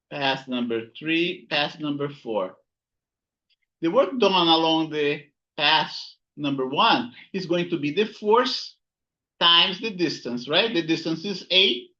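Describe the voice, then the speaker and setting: A man with a fairly high, bright voice lectures on physics at a slow, deliberate pace. He repeats key words and keeps checking in with the class as he works through his notes. The sound is dull and lo-fi, like a plain lecture capture. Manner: repeats key words, frequent "right?" and "here you go". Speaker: physics instructor. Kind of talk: recorded lecture while writing notes.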